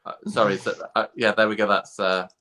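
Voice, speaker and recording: Bright-voiced man from the Midlands. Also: on the low side, level tone, a little fast. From English Midlands. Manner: chatty, rambling, full of restarts. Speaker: co-host. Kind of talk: casual chat on a live video call.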